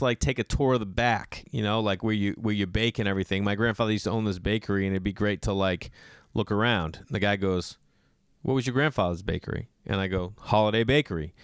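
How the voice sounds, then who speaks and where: A man telling a casual personal story, animated, slipping into the voices of the people he quotes. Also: fairly low pitch, quick pace, clean tone, no room sound, studio quality.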